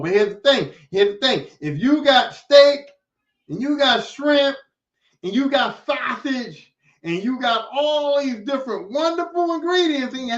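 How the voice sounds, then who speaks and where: A man hosting a podcast, ranting in a casual, animated monologue that is full of swearing and repeated phrases. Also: sits high. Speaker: podcast host. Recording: echoey, distant, dull lo-fi.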